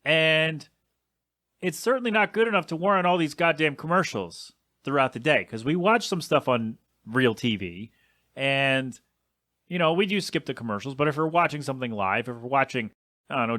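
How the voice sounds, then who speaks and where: A man's voice: mid-range voice, bright, forceful tone, no room sound, clean studio sound. A young adult man hosting a casual solo podcast, rambling and complaining in an exasperated way with some swearing. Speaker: podcast host.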